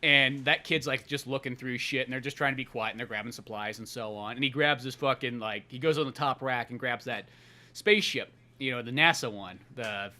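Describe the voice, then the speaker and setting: A man's voice: medium pitch, fairly quick, pushed and bright. A man hosting a podcast, rambling profanely and acting out movie scenes as he retells them. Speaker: podcast host. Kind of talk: casual podcast chat.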